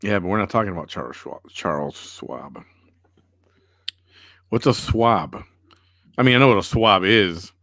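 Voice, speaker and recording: Brief: male podcast host, low voice, dry close sound, sarcastic banter. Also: animated, fairly quick, a bit bright, dry recording. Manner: wry, sarcastic. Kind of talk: casual chat reading viewer comments.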